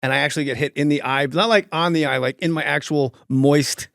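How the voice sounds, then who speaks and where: A man's voice: on the high side, a little fast, no room sound, studio quality. A man hosting a podcast, telling stories animatedly and with lots of swearing. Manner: animated, profane, acts out scenes. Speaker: podcast host. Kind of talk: comedic storytelling.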